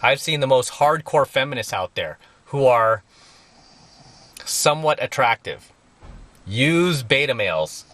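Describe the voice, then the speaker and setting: A man's voice: mid-range voice, big pitch swings, a little slow, long pauses, a bit bright, no echo. A middle-aged man giving a blunt, emphatic monologue as a dating coach, repeating his points for stress. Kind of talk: opinionated monologue to viewers.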